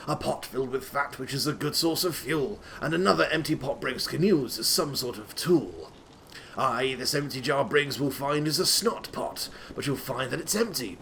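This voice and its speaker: A man's voice: medium pitch, creaky, fairly bright tone, slight background noise. A man giving a comic, theatrical reading of rhyming verse in a put-on rustic old-timey accent that keeps slipping, with sweary asides. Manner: breaks off into sweary, laughing asides. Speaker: reader of a game walkthrough.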